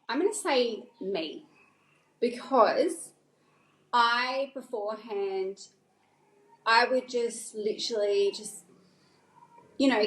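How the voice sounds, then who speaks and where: A woman salon owner speaking as a podcast guest, candid and animated, often restarting her sentences. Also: on the high side. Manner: candid and animated, with frequent self-correction. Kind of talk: casual interview conversation. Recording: echoey room sound.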